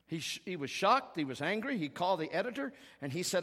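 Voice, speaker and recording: A man preaching a sermon as pastor, earnest and emphatic, rising to strong peaks and falling to hushed tones. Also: sits high, big pitch swings, quick pace. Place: church sanctuary. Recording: long reverb of a large hall.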